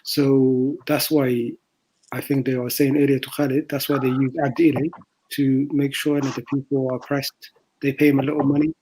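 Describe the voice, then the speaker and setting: A man's voice: mid-range voice, level tone, moderate pace, darkish tone, poor audio. A man co-hosting a casual stream chat, speaking hesitantly with many fillers and mixing in Somali words. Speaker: co-host.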